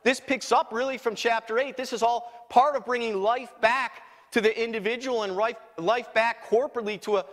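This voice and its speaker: A man's voice: very high-pitched, fairly even intonation, brisk, few pauses, fairly bright tone. A man preaching a live sermon as pastor, emphatic and repeating key lines. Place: church sanctuary. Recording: live church recording with long reverb.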